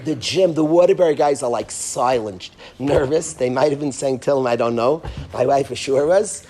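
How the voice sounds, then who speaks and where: A man, a rabbi giving a parenting lecture, telling a vivid story that swings from hushed to emphatic. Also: mid-range voice, normal speed.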